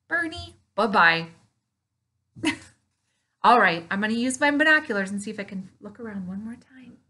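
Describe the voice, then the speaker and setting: A woman teaching an online preschool Bible lesson, animated and playful, gasping in delight as she talks to small children. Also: medium pitch, normal speed, long pauses.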